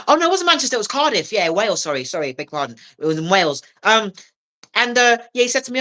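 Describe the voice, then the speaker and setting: Bright-voiced woman telling stories. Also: mid-range voice, quick pace. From England. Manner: animated storyteller who acts out quoted voices and laughs often. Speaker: podcast guest, comedian. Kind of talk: casual storytelling chat.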